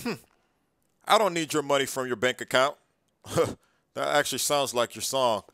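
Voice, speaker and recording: A man playing a brash immigration officer, loud and swaggering, sometimes sing-song and sometimes muttering. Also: mid-range voice, normal speed, no room sound, studio quality. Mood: astonished. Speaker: skit creator. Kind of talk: comedy skit voice acting.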